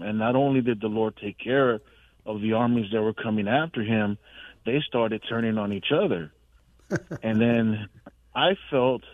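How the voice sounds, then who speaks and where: A male caller sharing a personal testimony in a rambling, halting, emotional way over the phone. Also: fairly low pitch, no room sound. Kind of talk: call-in testimony. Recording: tinny phone line.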